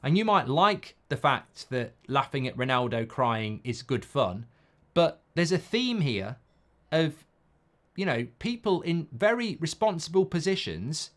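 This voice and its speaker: A man's voice: fairly high pitch, fairly bright tone. A man hosting a live football watchalong, talking bluntly and reacting to the game while reading viewer comments.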